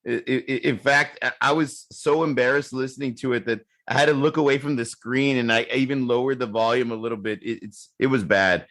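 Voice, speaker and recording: Male podcast co-host, mid pitch, lively and loose, curses, repeats himself. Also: fairly quick, few pauses. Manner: animated, swears freely, repeats words. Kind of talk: casual chat.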